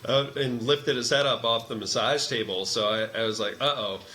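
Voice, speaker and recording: A man's voice: medium pitch, moderate pace. A man, a massage therapist and energy healer, telling a story in casual conversation and acting out the dialogue as he goes. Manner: animated storyteller who acts out quoted dialogue. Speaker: meditation teacher.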